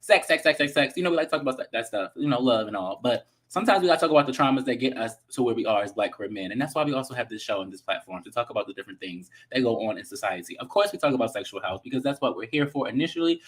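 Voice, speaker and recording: A man with a Baltimore accent co-hosting a casual chat show, sassy and animated with playful slang. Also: medium pitch, racing, few pauses, slightly rough. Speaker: co-host.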